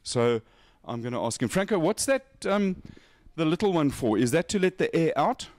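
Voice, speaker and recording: A man's voice: fairly high pitch, very animated, moderate pace, dry recording. A man hosting a motorsport show, chatting casually and joking as he gushes over a race car's details. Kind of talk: casual walkaround chat.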